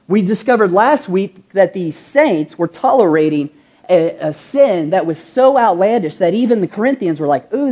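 A woman's voice: mid-range voice, warm tone, slightly rough. A woman pastor preaching a sermon, asking the congregation rhetorical questions, drawing out key words and acting out everyday quotes. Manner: acts out quoted voices in an everyday tone.

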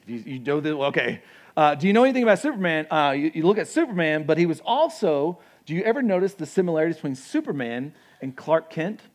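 A young adult man preaching a sermon as pastor, conversational and animated, with asides and acted-out quotes. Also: a little high, quick pace.

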